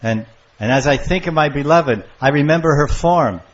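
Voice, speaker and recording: An older man giving a devotional lecture on scripture, storytelling with lively acted-out voices. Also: a little high, normal speed. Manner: animated storyteller, acting out lovers' calls. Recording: muffled lo-fi lecture recording.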